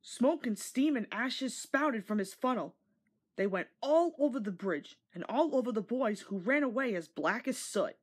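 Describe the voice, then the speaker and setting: Breathy woman reading a storybook aloud. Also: a little high, moderate pace. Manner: expressive, gentle storytelling. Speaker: storybook narrator. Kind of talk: storybook read-along.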